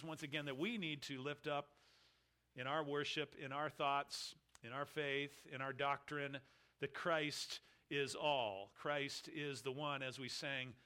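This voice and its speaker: A man preaching a sermon, reading scripture and then expounding it slowly with emphatic, falling phrase ends. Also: mid-range voice, bright, forceful tone. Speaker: pastor.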